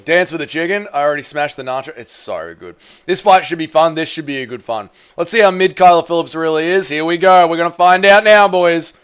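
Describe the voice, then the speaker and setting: A man's voice: a little high, expressive, fairly quick, fairly bright tone, clear, resonant tone. A man hosting a casual fight watch-party stream, reading chat messages and bantering crudely while eating. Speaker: livestream host.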